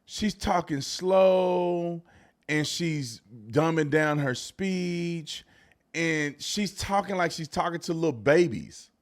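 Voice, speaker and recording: Mocking man with speech. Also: takes it slowly. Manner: mocking, animated, swings from low mutters to shouts. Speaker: political commentary host. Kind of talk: casual reaction commentary.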